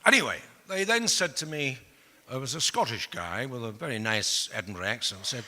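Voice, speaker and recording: An older man is speaking to a crowd, blunt and profane, lurching from loud bursts to near-whispered asides. His voice is bright and cutting, and his pitch rises and falls with lively swings. The sound carries the long reverb of a large hall. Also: normal speed. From England. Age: 60s. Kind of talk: storytelling talk to an audience.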